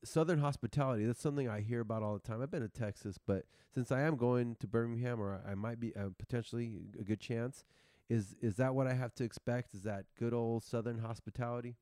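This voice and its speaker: A man's voice: mid-range voice, steady tone, fairly quick, mellow, no room sound, clean studio sound. A man hosting a podcast, asking curious, encouraging questions in casual chat. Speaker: podcast host.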